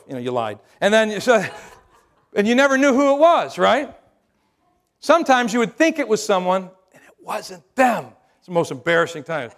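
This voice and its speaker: A man's voice: sits high, expressive, normal speed. A middle-aged man preaching a sermon as pastor, humorous and conversational, often checking in with the crowd by asking "right?".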